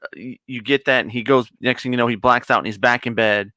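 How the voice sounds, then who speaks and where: A man's voice: medium pitch, steady tone, quick pace, pushed and bright, dry recording. A man co-hosting a casual review chat, eagerly retelling a TV episode in a rambling way. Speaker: co-host of a nerd review show.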